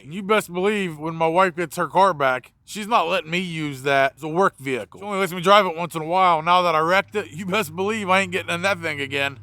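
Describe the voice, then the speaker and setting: A man's voice: sits high, no echo. A man, a mobile mechanic, casually telling a story about a customer and acting out both sides of the conversation. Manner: animated, acts out both sides of the dialogue.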